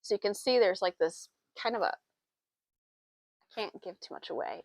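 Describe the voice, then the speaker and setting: A woman's voice: mid-range voice, normal speed, long pauses, dry recording. Chatty woman hosting a knitting podcast. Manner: chatty, laughs often, self-deprecating. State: a bit out of breath. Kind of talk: casual chat. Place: small farm with sheep.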